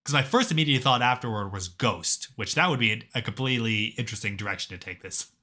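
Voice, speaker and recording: A man's voice: medium pitch, fast talker, pushed and bright. A man reading a visual novel aloud and reacting casually, with swearing.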